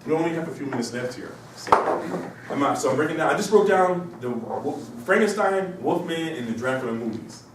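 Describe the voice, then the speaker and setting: A man's voice: on the high side, lively intonation, brisk, heavy background noise. A man with a cold lecturing to a class, rambling and firing off rhetorical questions. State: has a cold. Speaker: instructor. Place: university classroom. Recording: echoey classroom, from far off.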